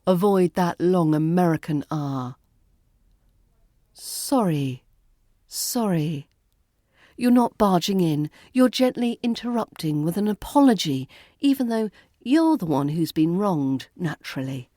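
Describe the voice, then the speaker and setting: A woman's voice: lowish voice, animated, moderate pace, dark tone, no echo, clean studio sound. A woman with a British RP accent, teaching pronunciation as an accent coach in a playful, dryly witty scripted voice-over, whispering some of her sound demonstrations.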